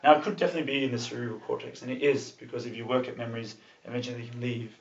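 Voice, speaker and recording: A man's voice: mid-range voice, fairly even intonation, rapid-fire, gravelly. A man talks casually to a small group, in a loose, chatty way full of fillers. He sits far from the mic in an echoey room, and the recording sounds dull. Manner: loose and chatty, with many fillers and the odd swear. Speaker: club talk presenter.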